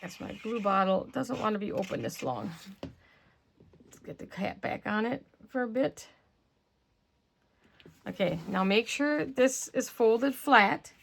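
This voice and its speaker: A woman's voice: on the high side, expressive, takes it slowly, vocal fry, long pauses, slight background noise. A woman hosting a craft tutorial, explaining steps casually while working with her hands and murmuring to herself, her voice slightly worn and losing strength. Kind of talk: casual step-by-step craft instruction.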